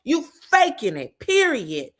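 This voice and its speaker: A woman's voice: sits high, wildly swooping pitch, slow pace, pitched above the performer's own voice, full character voice. A woman voicing a furious woman who curses and fights back hard during an argument. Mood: accusing. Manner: cursing, combative.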